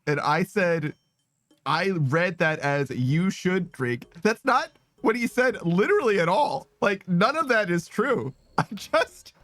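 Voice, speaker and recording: A man's voice: sits high, lively intonation, a little slow, a bit bright, no room sound. Giggly, rambling streamer man. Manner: giggly, rambling, self-mocking, swears a lot. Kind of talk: casual live-stream chat while gaming. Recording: dry close mic with faint music behind.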